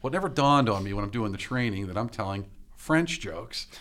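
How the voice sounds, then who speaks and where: A man's voice: on the low side, expressive, a little fast, fairly bright tone. Man swapping jokey anecdotes. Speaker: podcast co-host. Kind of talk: casual chat.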